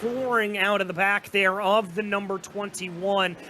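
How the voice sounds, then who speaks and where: A man with a slight Southern US accent giving fast, energetic play-by-play commentary on a sim race. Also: high-pitched, slight background noise.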